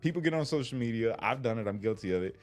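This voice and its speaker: A man's voice: medium pitch, expressive, fast, darkish tone, faint music behind. A man giving a casual preaching livestream, slangy and conversational, repeating his points and laughing often. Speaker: faith livestreamer.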